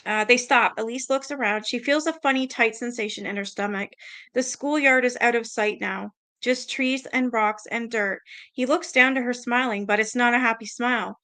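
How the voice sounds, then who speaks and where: A woman's voice: a little high, normal speed, bright, forceful tone. A woman reading a book aloud in a casual way, stumbling over words and stopping to react and swear.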